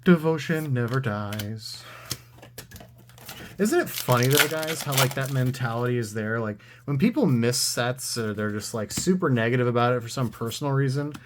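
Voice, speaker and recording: Male pack-opening host, sarcastic dry delivery, average pitch, light background noise. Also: animated, fairly quick, hardly any pauses, fairly bright tone. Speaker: trading card collector opening packs. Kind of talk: casual pack-opening commentary.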